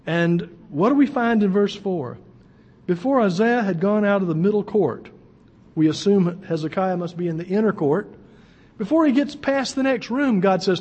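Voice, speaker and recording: A man's voice: high-pitched, lively intonation, moderate pace, darkish tone, long reverb tail. A man preaching as a pastor, reading scripture aloud and explaining it in an earnest, emphatic way with folksy asides.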